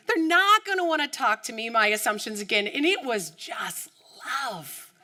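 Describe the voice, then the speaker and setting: A woman from the United States giving an inspirational keynote talk, telling her story with animated storytelling and acting out the voices of the people in it. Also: fairly high pitch, normal speed. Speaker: keynote speaker.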